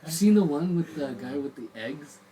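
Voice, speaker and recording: A man's voice: on the high side, expressive, brisk, crowd noise. A man co-hosting a casual podcast chat, joking and swearing freely. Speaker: podcast co-host. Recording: noisy background hiss.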